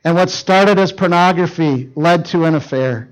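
A man's voice: on the high side, moderate pace, rough recording. A middle-aged male pastor preaching to teenagers, telling a story and acting out the dialogue with urgency. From Canada. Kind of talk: sermon to teenagers.

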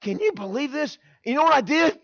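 Male preacher, high voice, animated storytelling, stumbles and repeats words, dull dry recording. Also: brisk, vocal fry, no room sound. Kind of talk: sermon with personal storytelling.

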